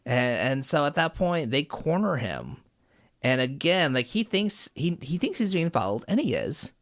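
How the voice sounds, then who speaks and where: A man co-hosting a podcast, retelling a cartoon episode with lively acted-out quotes. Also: fairly high pitch, measured pace. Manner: animated storyteller, acts out quotes. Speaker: podcast co-host. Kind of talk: casual podcast chat, recapping a show.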